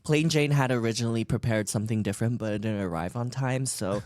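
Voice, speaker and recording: A man's voice: mid-range voice, fast, a little mellow, no echo, studio quality. A man from Asia, a guest in a casual chat, playful and teasing.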